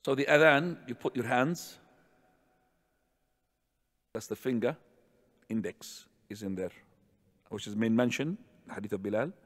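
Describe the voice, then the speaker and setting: A man teaches a practice in a mosque hall, his mid-pitched voice carrying a long reverb. He speaks non-native English in loose phrases and breaks into short chanted phrases to demonstrate. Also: unhurried, pauses often. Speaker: religious teacher.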